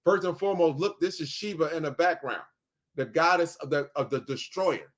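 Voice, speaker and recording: A man's voice: on the high side, normal speed. Emphatic man ranting in commentary. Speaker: reaction video host. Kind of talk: heated commentary.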